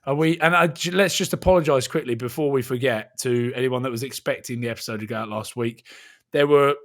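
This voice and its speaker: A man co-hosting a casual sports podcast, telling stories in an animated way and laughing often. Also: medium pitch, brisk. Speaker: podcast co-host and rugby commentator.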